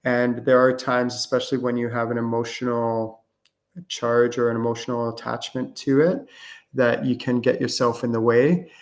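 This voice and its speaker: A man's voice: mid-range voice, little pitch movement, normal speed. Rambling casual man hosting a live Q&A. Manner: casual, rambling with many fillers and restarts. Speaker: host and spiritual channeling teacher. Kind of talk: live-streamed Q&A talk.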